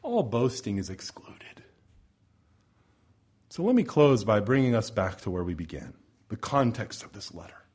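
A male pastor preaching a sermon in a church over the sound system, impassioned, swinging between loud pleading and soft low asides. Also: big pitch swings, moderate pace, pauses often, breathy edge. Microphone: church sound system microphone.

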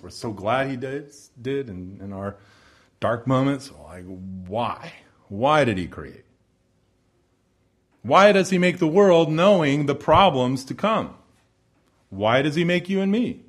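A man preaching a sermon, building emphatic repeated phrases and dropping to hushed low endings. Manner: repetitive rhetorical build-ups.

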